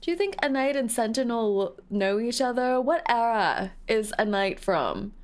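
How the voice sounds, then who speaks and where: A woman streamer chats playfully with her viewers during a game, giggling, teasing and reading their comments aloud. Her voice is fairly high, with lively intonation and a measured pace.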